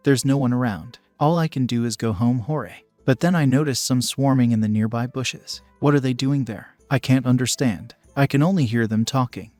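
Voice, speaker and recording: A man's voice: mid-range voice, normal speed, few pauses, mellow, no room sound, faint music behind. Man narrating a comic recap, dry sound. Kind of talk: scripted storytelling narration.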